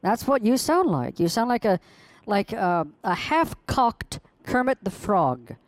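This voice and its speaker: A woman's voice: mid-range voice, big pitch swings, unhurried, no echo, low-quality recording. A woman on a prank call, berating a phone scammer with mocking, profane insults.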